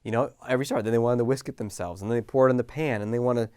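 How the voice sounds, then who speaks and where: A middle-aged man coaching listeners in a casual, animated talk, acting out small scenes with sighs and laughs. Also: medium pitch, racing, clear, resonant tone, dry recording, clean studio sound. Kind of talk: motivational talk to camera.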